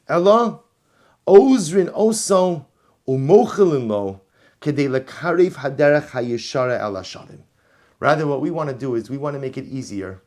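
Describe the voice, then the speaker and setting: Male rabbi, animated lecturing delivery with repeated lines for emphasis. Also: on the high side. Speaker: rabbi teaching. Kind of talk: Torah class lecture.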